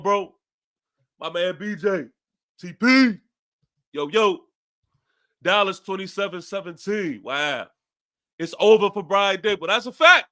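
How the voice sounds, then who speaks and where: A young man with a New York accent delivers a fan's post-game rant as a podcast host. His voice sits a bit high, and he hammers points home by repeating them, swearing casually as he goes. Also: bright, forceful tone.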